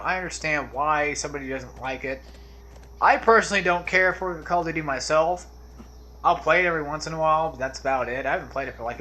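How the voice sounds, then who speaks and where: A man's voice: on the high side, bright, forceful tone, a little hiss or hum. A man giving casual, rambling commentary over a video game playthrough, drifting off on tangents and trailing off into mumbles. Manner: laid-back, trails off into mumbles. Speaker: let's play commentator.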